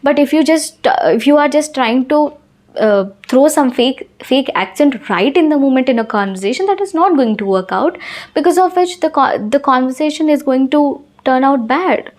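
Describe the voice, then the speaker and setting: A woman's voice: sits high, lively intonation, moderate pace, a little mellow. A woman giving an earnest talk to camera on speaking with confidence, repeating her points for emphasis. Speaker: English-speaking coach.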